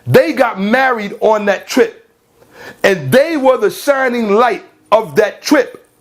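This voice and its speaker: A man with a strikingly high-pitched voice delivers a confrontational rant aimed at a rival. He scolds in slang-heavy street talk and keeps hammering his points with repeated questions. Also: expressive, slow. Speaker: online commentator. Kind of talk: heated rant addressed to a rival.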